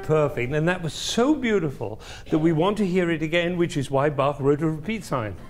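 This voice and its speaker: A man's voice: a little high, lively intonation, normal speed. An older man leading a music interpretation class, coaching a player and singing the phrases aloud in a playful, coaxing way. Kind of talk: masterclass coaching.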